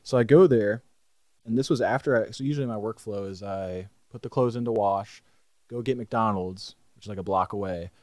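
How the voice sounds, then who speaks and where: A young man co-hosting a podcast, telling a story in a casual, animated way and swearing freely. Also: lowish voice, brisk, dry recording, studio quality. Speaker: podcast co-host. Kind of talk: casual chat.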